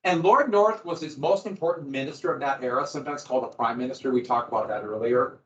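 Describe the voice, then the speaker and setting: A man with a fast, mid-range voice teaches history to students in a classroom, explaining loosely and conversationally during his lecture. The sound is lo-fi, echoey and dull.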